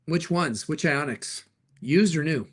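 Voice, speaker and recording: A man's voice: fairly high pitch, a bit bright, breathy edge. A middle-aged man hosting a live stream, answering viewer questions in an upbeat, joking way. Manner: upbeat, jokey, quick replies to chat. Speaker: livestream host and car dealer.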